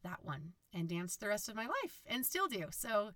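A woman from Utah with a low, raspy, husky voice, chatting casually on her own podcast and rambling with fillers and self-corrections. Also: big pitch swings, moderate pace, fairly bright tone, no room sound. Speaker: podcast host. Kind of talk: casual solo podcast monologue.

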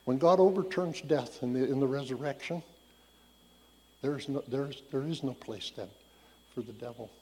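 A man's voice: mid-range voice, a little mellow, husky. A man giving a casual, conversational Bible teaching, telling the story loosely and thinking aloud as he goes. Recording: long hall reverb.

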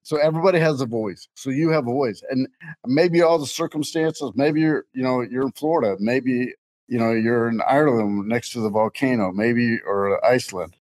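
Middle-aged male co-host, casual faith podcast, loose and jokey, medium pitch. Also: moderate pace, darkish tone, rough recording. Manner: rambling, jokey, laughs often.

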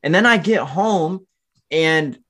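A young entrepreneur in his 20s, appearing as a podcast guest, tells his story earnestly in a fairly high, expressive, slightly bright voice, taking it slowly. He's motivational and calls the listeners "guys" in this candid storytelling interview.

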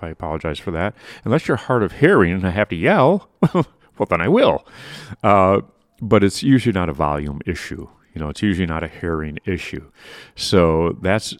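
A man with a fairly low voice talks through everyday advice as a podcast host, loose and conversational, often restarting a phrase and checking in with "right?". The sound is close and dry, with almost no room echo. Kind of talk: casual advice talk.

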